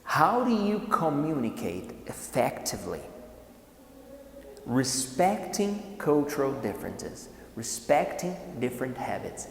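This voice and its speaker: A Brazilian man with Portuguese as his native language runs an online English lesson, talking deliberately with a Brazilian Portuguese accent and repeating key phrases. His medium-pitched voice is very animated and creaky, with a little hiss or hum in the recording.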